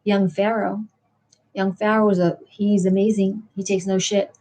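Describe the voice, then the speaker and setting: A woman's voice: medium pitch, level tone, moderate pace, mellow. A middle-aged woman hosting a late-night livestream, chatting in a meandering way and answering viewers in the chat. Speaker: livestream host.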